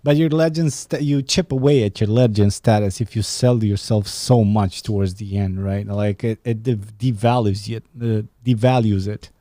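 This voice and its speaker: Profane rambling podcast host, low dark voice. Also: male voice, steady tone, normal speed, few pauses, no room sound. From Romania. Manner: profane, rambling, laughs at his own jokes. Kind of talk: casual solo podcast rant. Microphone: studio podcast mic.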